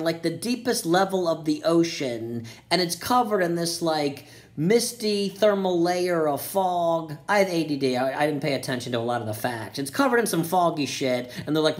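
A man's voice: high voice, sing-song, normal speed. A man giving a profane comedic movie review, ranting sarcastically and slipping into jokey voices. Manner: crude, sarcastic rants with jokey put-on voices.

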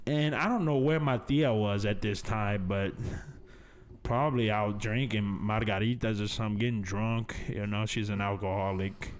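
A man's voice: fairly low pitch, fairly even intonation, moderate pace, a little hiss or hum. A young man, hosting a podcast and telling a story in a casual, profane, laid-back way, peppering it with "man" and "baby". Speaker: podcast host.

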